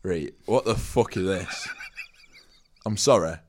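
A man's voice: low-pitched, slow, a little hiss or hum, voice pushed down. A man playing an outraged, swearing Yorkshire man who finds a toad in his curry and demands a refund, with a Yorkshire accent.

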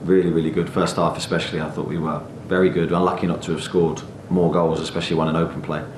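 A man, a football manager, giving a measured and analytical post-match interview. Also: a bass voice, little pitch movement, echoey room, background noise.

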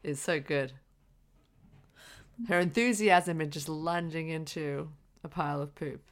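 Deep-voiced woman gushing about a movie on a podcast, giggly and excitable. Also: unhurried. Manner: enthusiastic, giggly. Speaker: podcast co-host. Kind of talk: casual film discussion.

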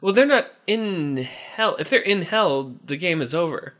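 Bright-voiced man chatting casually. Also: a little high, lively intonation, unhurried. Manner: rambling, chuckling, self-interrupting. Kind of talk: casual chat.

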